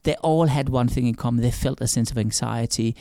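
A man with a gravelly, creaky voice at a middle pitch talks through his ideas as an interview guest. He tells stories and examples to make his point and often stumbles over repeated words. The recording is dry, with no room sound. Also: fairly quick, warm tone, no echo. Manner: storytelling, explains with examples and acted-out quotes; repeats words and restarts sentences. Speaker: author and guest. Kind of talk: conversational interview answers.

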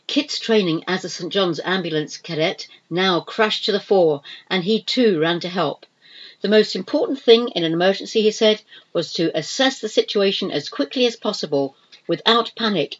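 A woman reading a novel aloud in expressive, measured scripted narration. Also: on the low side, highs cut off. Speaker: audiobook narrator.

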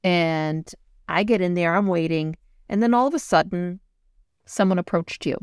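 A woman's voice: lowish voice, moderate pace, clear, resonant tone, dry recording, clean studio sound. A middle-aged woman co-hosting a casual chat, telling stories animatedly and getting emotional. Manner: animated storytelling, gets emotional. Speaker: co-host.

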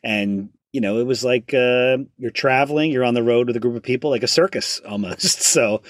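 A man from the United States, a cinematographer and director, talking as a guest in a relaxed, easygoing way. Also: medium pitch, moderate pace, no room sound, clean studio sound. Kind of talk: casual interview chat.

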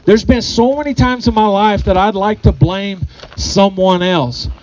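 Man, pastor, sermon, high voice, earnest, repeats himself, muffled church recording. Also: a little slow, a little mellow, slight background noise. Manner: earnest, repeats phrases, asks the congregation questions.

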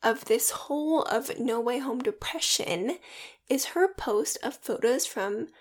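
A woman's voice: on the high side, measured pace. A young woman co-hosting a podcast, giggly and dramatic in unfiltered casual chat. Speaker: podcast co-host.

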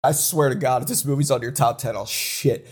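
Husky man ranting about movies. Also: medium pitch, brisk. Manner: animated, opinionated, worked up for fun. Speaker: co-host. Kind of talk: casual chat.

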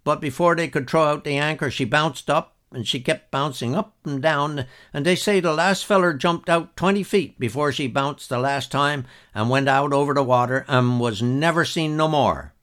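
A man puts on an older Newfoundland storyteller, spinning a yarn in thick folksy dialect. The voice rises higher and fuller as the tale gets exciting, with a lively swing to the pitch. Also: normal speed, hardly any pauses, close to an everyday voice. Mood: excited yarn.

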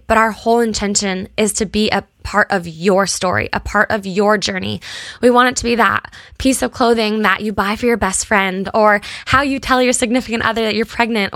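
A young American woman shares a personal story with her audience, sincere and visibly moved, on the edge of tears. Her voice is bright and forward. The recording is close and dry, with no room sound at all. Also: medium pitch, dry recording. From United States. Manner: earnest, emotional, talks to viewers directly. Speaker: small brand founder.

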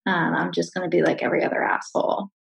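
Chatty, gravelly-voiced woman therapist. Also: fairly low pitch, fast, poor audio. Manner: animated, chatty, swears freely. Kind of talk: casual conversation.

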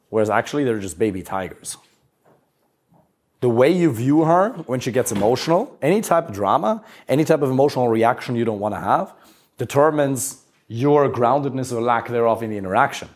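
A man's voice: mid-range voice, moderate pace. A man coaching a live group on relationships, talking bluntly, swearing freely and stressing his points with energy. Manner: blunt, swears freely, lively emphatic delivery.

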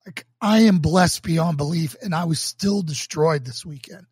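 Man from Boston, pastor and host; earnest, emotional, stops and restarts; voice sits a touch high; dry close sound. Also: a little slow, darkish tone, husky, no echo. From Boston, United States. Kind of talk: livestreamed casual talk leading into a sermon.

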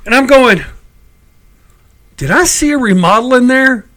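A middle-aged man tells a story in a casual chat. His voice sits high and rings bright. He sounds exasperated and swears freely. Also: lively intonation, a little slow, rough recording. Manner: chatty, exasperated, salty language.

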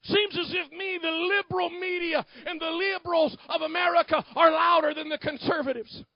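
A male pastor preaches a fiery sermon in a very high voice. He swings from quiet, close asides to shouted declarations. The sound is dry and a little dull. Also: fairly even intonation, moderate pace, no room sound.

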